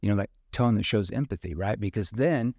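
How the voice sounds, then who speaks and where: Guest sales trainer, male, lowish voice, dry close sound, conversational and explanatory with lots of "you know". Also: a little fast, a little mellow, dry recording. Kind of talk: casual interview explanation.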